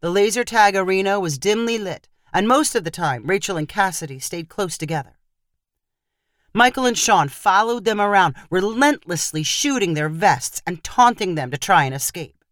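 A woman reading a story aloud as narrator in a steady storytelling manner. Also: mid-range voice, moderate pace, no room sound, studio quality. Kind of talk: scripted narration.

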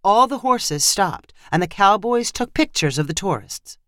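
A narrator reading a short story aloud in a steady, measured way. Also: medium pitch, no room sound, studio quality.

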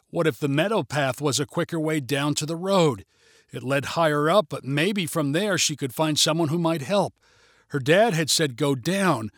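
A man narrating a children's adventure story in a measured, even reading. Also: fairly high pitch, no echo, clean studio sound.

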